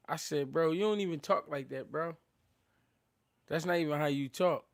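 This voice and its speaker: A man hosting a casual boxing live stream, talking loose and unscripted in street slang. His voice sits a touch high for a man. He rambles, laughs often and keeps thanking his viewers. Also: normal speed, creaky, pauses often. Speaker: boxing livestream host.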